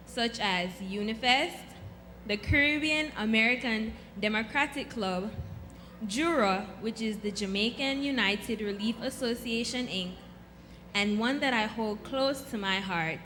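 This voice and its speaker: A woman pageant titleholder delivering a proud, measured, formal speech to an audience. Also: fairly high pitch, a bit bright, slight background noise. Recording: long hall reverb, faint ambience.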